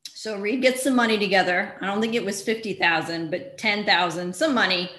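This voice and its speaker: A woman's voice: mid-range voice, fairly quick, fairly bright tone. A woman author giving a casual library talk, retelling a true-crime case in a chatty way with wry asides and lots of fillers. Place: library event room. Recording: echoey room.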